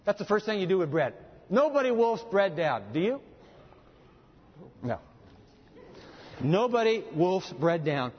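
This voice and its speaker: Preacher, male, high folksy voice, long hall reverb, slightly muffled. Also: normal speed, long pauses. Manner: folksy, animated, jokes with the audience. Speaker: pastor. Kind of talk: sermon with live demonstration. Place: church hall with audience.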